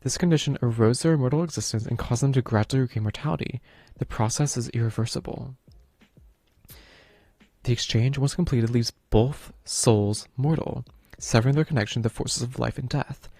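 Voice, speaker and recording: A man's voice: mid-range voice, brisk, warm tone, dry recording. A man streaming a visual novel, reading its narration aloud and breaking off to comment on the game. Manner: reads narration, breaks off to chat about the game.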